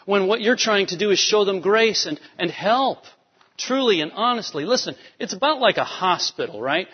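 A male pastor giving an animated sermon, swinging between soft, quiet lines and emphatic rises. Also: high voice, moderate pace, slightly rough. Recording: dull sound with long hall reverb.

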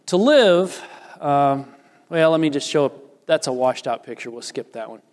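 Pastor, male, fairly high voice, earnest emphatic sermon delivery in a reverberant hall. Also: lively intonation, measured pace, a little mellow. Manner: earnest, emphatic preaching with varied pace. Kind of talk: sermon with scripture reading.

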